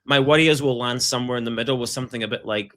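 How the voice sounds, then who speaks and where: A Scottish man chatting as a podcast co-host. His talk is animated and jokey, and it is peppered with swearing. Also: medium pitch, racing. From Scotland. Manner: animated, joking, swears freely. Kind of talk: casual chat.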